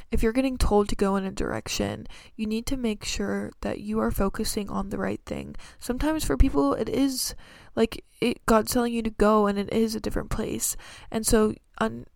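A woman's voice: mid-range voice, gravelly, no room sound. A young woman hosting her own podcast, talking casually and earnestly about faith and a coming business launch, rambling with many fillers and restarts. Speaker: podcast host.

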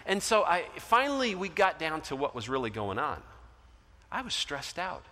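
Bright-voiced male pastor in a reverberant hall. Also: a little high, very animated, moderate pace. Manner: storytelling, acts out quoted voices, shifts loud to soft. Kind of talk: sermon. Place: large church hall.

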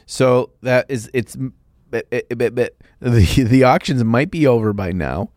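A man's voice: medium pitch, unhurried, a little mellow, dry recording, clean studio sound. A man co-hosting a podcast in laid-back casual chat, stumbling into restarts now and then. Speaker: podcast co-host.

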